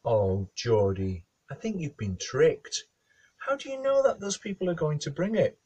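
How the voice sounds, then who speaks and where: A man doing a brisk, clever village wife. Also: fairly high pitch, lively intonation, warm tone, breathy edge, muffled recording, pitched above the performer's own voice. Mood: questioning. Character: shrewd caring village wife.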